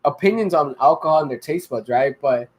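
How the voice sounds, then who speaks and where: A man's voice: fairly high pitch, lively intonation, brisk. A young man co-hosting a beer podcast, joking around, laughing often and swearing casually. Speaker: podcast co-host. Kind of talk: casual chat.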